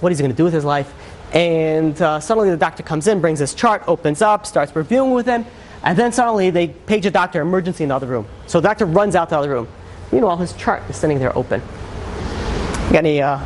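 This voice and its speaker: A man, a rabbi, telling a dramatic story in a sermon, with lively, conversational storytelling that swings into character voices. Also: a little hiss or hum. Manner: animated storyteller, acts out characters with shifts in pitch; conversational, many fillers.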